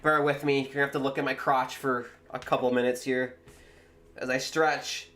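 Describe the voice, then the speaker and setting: A man chatting casually on a live football watchalong stream, rambling between excited reactions to the match. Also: mid-range voice, normal speed.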